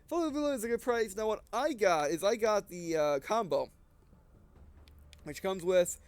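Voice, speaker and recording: A man's voice: high-pitched, expressive, moderate pace, smooth. A man giving casual, rambling gameplay commentary while short of breath, often restarting and correcting himself. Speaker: gaming video creator.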